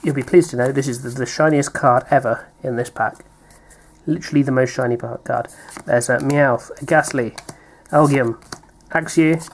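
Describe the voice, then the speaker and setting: A British man chatting playfully while opening card packs, reading out names with little laughs. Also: on the high side. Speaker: card pack opener, co-host. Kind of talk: casual unboxing chat.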